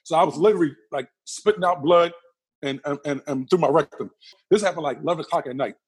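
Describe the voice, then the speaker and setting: Husky fast-talking man telling a story. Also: a little high. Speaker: interview guest. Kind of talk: animated personal storytelling.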